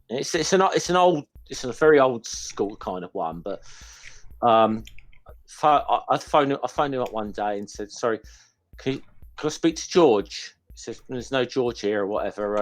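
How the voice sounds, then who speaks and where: A man telling a rambling prank story on a group call, swearing freely and restarting his sentences. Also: fairly low pitch. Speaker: quiz show guest. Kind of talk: casual storytelling chat.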